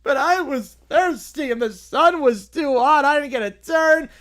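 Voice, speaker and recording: A man's voice: very high voice, a little slow, fairly bright tone, pitched above the performer's own voice. A man voicing whiny, spoiled little kids who demand and complain. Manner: whining, demanding.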